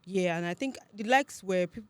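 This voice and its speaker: A woman's voice: mid-range voice, moderate pace, clean tone. A young woman with a Nigerian accent, a podcast guest telling stories with animation, laughing often and acting out what others said. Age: young adult. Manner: animated storyteller, laughs often, acts out quoted speech. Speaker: guest, accent content creator. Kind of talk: casual podcast interview.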